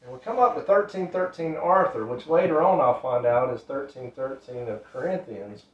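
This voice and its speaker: A man's voice: mid-range voice, normal speed. Guy telling an earnest story, loose grammar, kinda dull muffled recording. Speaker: ministry storyteller. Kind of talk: casual spoken testimony. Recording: roomy, distant, dull sound.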